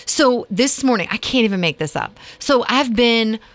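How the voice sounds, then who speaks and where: A woman in her forties, co-hosting a morning radio show and telling a story in an animated, chatty way. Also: a little high, moderate pace, dry recording. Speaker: radio co-host. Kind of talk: casual morning radio chat.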